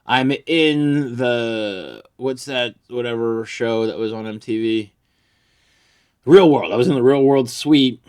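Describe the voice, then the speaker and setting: A man's voice: mid-range voice, takes it slowly, darkish tone, smooth. A man ranting crudely about an ex, boastful, vulgar and rambling, as a comedy vlogger.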